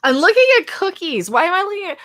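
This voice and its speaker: A woman co-hosting casual comedic banter, teasing with quick retorts and frequent laughs. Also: extremely high pitch, very animated, pushed and bright, no echo. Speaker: co-host.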